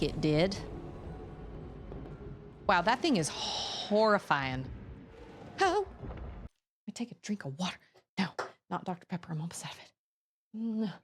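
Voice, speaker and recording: Woman game streamer, chatty and exclamatory, pitch in the middle of her range. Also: big pitch swings, takes it slowly, pauses often, a little hiss or hum. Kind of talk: casual live gameplay commentary.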